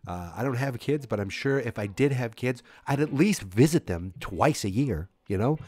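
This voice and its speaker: A man's voice: medium pitch, expressive, normal speed, hardly any pauses, a little mellow. A man hosting a podcast, recapping casually in a rambling way with many fillers and restarts. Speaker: podcast host.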